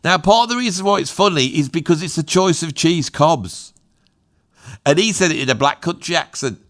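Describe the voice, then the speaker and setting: Rambling, jokey English man, fairly high voice. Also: lively intonation, moderate pace. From England. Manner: jokey, digressive, storytelling. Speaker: YouTube host, drummer. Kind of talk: casual rambling monologue.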